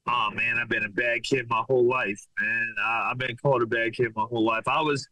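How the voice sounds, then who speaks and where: A man from Los Angeles, a fighter, being interviewed as a podcast guest and speaking in a laid-back, halting way with lots of repeated words. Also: mid-range voice, steady tone, sharp tone, no echo, poor audio. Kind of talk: casual interview chat.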